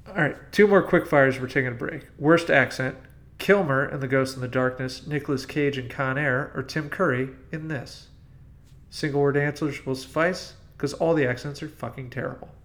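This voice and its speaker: A man's voice: medium pitch, normal speed, a bit bright. A man hosting a casual movie podcast, ranting bluntly about film clichés. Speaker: podcast host. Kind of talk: casual movie-review chat.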